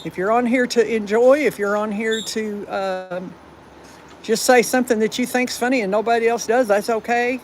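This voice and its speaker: A woman's voice: fairly high pitch, fairly even intonation, moderate pace, darkish tone, slight background noise, poor audio. Chatty Southern woman streaming live. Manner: chatty and rambling, firm about rude viewers. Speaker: livestream host. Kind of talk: casual live chat.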